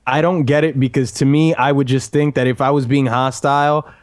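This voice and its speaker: A man's voice: medium pitch, fairly even intonation, fairly quick, no echo, clean studio sound. A young man hosting a casual podcast chat, rambling and swearing, restarting his phrases. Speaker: podcast host.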